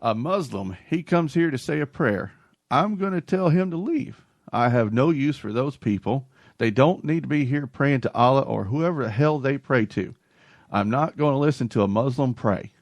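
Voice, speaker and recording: A man's voice: mid-range voice, expressive, moderate pace, no room sound. A man voicing a blunt, bigoted Southern county politician with a Southern US accent and a dismissive drawl. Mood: hostile.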